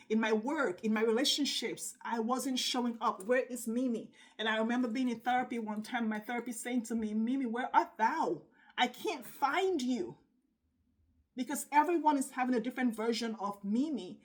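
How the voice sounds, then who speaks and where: A middle-aged woman giving an earnest, faith-based motivational talk as a sales coach, speaking emphatically with dramatic pauses like a preacher. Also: on the high side.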